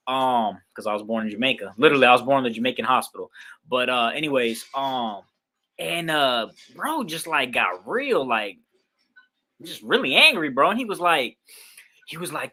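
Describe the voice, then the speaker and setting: A man's voice: mid-range voice, animated, normal speed, sharp tone. Laid-back rambling man on a livestream. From Queens, New York. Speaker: dog breeder livestreaming a raffle. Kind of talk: casual livestream chat.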